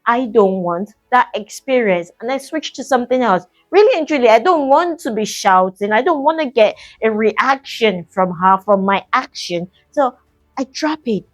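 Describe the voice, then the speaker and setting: A woman's voice: on the high side, expressive, moderate pace, faint music behind. A middle-aged woman giving a casual mindset coaching talk, chatty and encouraging, addressing the listener as "sis".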